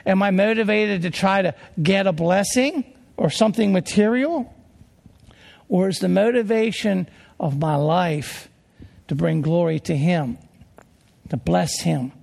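Earnest high-voiced preacher with gravelly tone. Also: male voice, a little mellow. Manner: earnest, slow preaching with rhetorical questions. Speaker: pastor. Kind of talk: sermon. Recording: long hall reverb.

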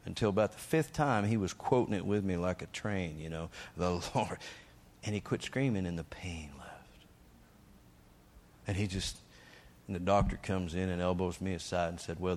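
Lower-pitched man preaching a lively testimony. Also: slight background noise. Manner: energetic, emphatic storyteller who acts out shouted quotes. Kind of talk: sermon testimony storytelling.

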